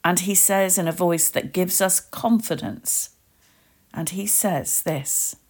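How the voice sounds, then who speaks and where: A woman giving a reflective sermon, leading listeners through a gentle guided imagining in short, meditative phrases. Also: lowish voice, slow, slightly rough. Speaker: preacher.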